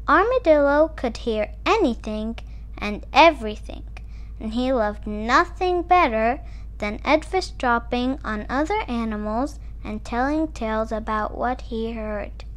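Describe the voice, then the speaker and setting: A woman reading a picture book aloud to children, with expressive, animated storytelling. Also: fairly high pitch, slow.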